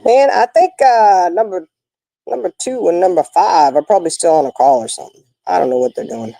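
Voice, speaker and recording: A woman's voice: lowish voice, expressive, brisk, gravelly, mellow, no echo, rough recording. An older woman, hosting a casual chat with viewers and telling folksy stories. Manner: folksy, chatty storytelling. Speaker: livestream host.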